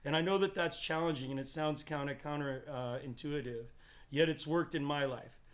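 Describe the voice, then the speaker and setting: A man who leads recreational drumming for wellness gives an earnest motivational talk. He speaks directly to his listeners, invites them to join in, and often pauses and restarts mid-phrase. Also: fairly high pitch. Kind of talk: motivational talk to an online audience.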